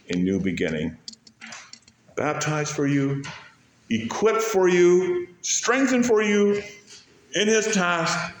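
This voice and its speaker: A pastor preaches a sermon that swings between loud, rising peaks and soft, low passages, slowing way down to stretch out key phrases. The recording is reverberant, with a bit of hiss or hum.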